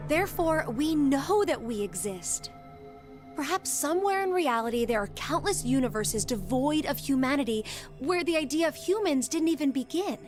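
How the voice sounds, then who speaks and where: Akane, calm high philosopher. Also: female voice. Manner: calm, lecturing, reasoning. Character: calm, philosophical young woman in a game.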